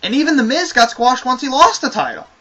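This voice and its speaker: A man's voice: very high voice, wildly swooping pitch, a little fast, bright, forceful tone, lo-fi sound. A man giving a casual spoken review of a wrestling show, ranting with exasperation and a lot of swearing.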